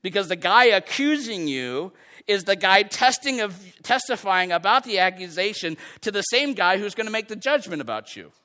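A man's voice: high voice, expressive, moderate pace, bright, forceful tone. A man preaching a sermon on a prophet's words, talking in a conversational way and slipping into quoted voices to make his point.

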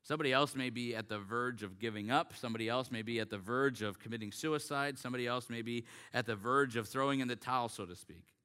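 A male pastor delivers a sermon with an earnest, emphatic manner. His voice is bright and forceful, sitting at an ordinary middle pitch. He draws out the scripture readings slowly for weight. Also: clean tone.

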